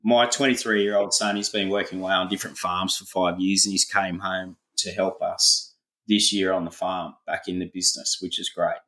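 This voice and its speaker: A middle-aged Australian farmer telling a laid-back story full of colloquial slang in a casual interview. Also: male voice, deep voice, steady tone, normal speed, sharp tone, roomy sound, rough recording. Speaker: farmer, podcast guest.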